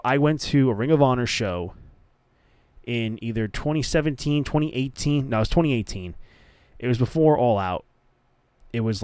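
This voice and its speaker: A young man hosting a wrestling podcast alone, chatting casually and getting excited, often repeating words. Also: lowish voice, clear, resonant tone, dry recording. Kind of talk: casual solo commentary.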